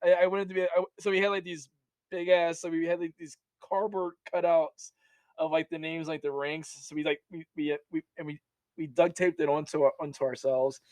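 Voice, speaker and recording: A young man, an army veteran, telling stories as a podcast guest in a lively, casual way, laughing often and restarting sentences. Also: on the high side, fairly quick, no echo. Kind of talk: casual storytelling.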